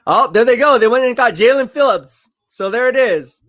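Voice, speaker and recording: A man hosting a live stream, giving casual commentary, boastful and laughing often, with quick bursts of excitement. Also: extremely high pitch, dry recording, studio quality.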